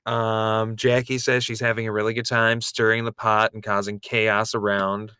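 A man's voice: on the low side, level tone, moderate pace, pushed and bright, clear, resonant tone, no echo, clean studio sound. A man co-hosting a podcast in casual chat, frank and crudely joking as he recaps episodes. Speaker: podcast co-host recapping a reality show.

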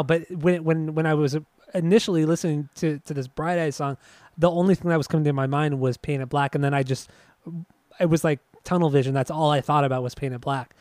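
A man's voice: a little high, steady tone, brisk, a little mellow, no room sound. A man co-hosting a casual music podcast, rambling and swearing freely, laughing often. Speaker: podcast co-host.

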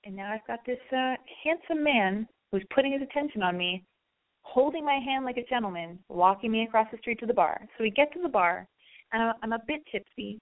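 A woman's voice: a little high, expressive, brisk. A chatty, brash woman hosting a podcast, telling a story in a casual monologue. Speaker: podcast host. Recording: narrow phone-like sound.

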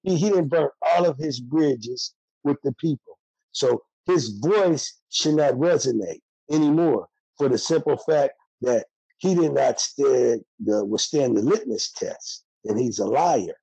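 An older man talks bluntly in a candid interview, streetwise and heated. His voice is gravelly and dark with a husky edge. The sound is close and dry. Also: mid-range voice, expressive, unhurried, no echo, low-quality recording. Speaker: interviewee, former prisoner.

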